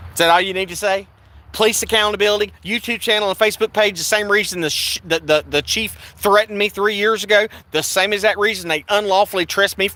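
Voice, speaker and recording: Man, high voice, angry, repetitive storytelling. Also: bright, forceful tone. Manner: agitated, repetitive, restarts and acts out exchanges. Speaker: video creator recounting an arrest. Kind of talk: angry first-person account. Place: in a vehicle.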